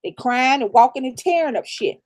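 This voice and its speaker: Her voice is high and animated, moving at a moderate pace. She's a middle-aged Southern-raised channel co-host on a casual live stream, dispensing blunt, profane advice with laughter in a preachy, real-talk manner.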